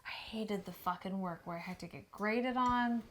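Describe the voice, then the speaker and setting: A young adult woman co-hosting a casual podcast, blunt and teasing, jumping in with quick remarks. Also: mid-range voice, fairly bright tone. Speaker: podcast co-host. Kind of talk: casual chat.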